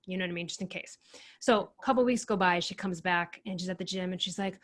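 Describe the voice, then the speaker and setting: A woman's voice: fairly low pitch, quick pace. A woman co-hosting a podcast, speaking her mind in an opinionated, ranting way in casual chat. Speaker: podcast co-host.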